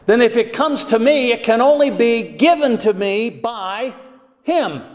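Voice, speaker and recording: A high-voiced man preaches a sermon at an unhurried pace, stressing each key word with weight. His voice rings out with a long church-hall reverb. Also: lively intonation. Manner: slow and deliberate, with strong emphasis on key words. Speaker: pastor.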